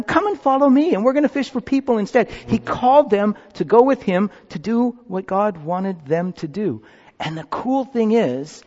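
A man's voice: high voice, a little mellow. A man serving as pastor, giving a children's sermon and coaxing the congregation into a group activity in a church sanctuary. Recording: muffled sound in a reverberant church.

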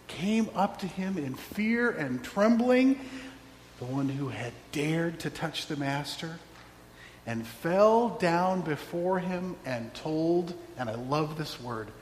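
A man's voice: fairly high pitch, a little mellow. A man preaching a sermon, telling a story and acting out the voices in it, with wry asides. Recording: roomy hall with long echo, faint hum.

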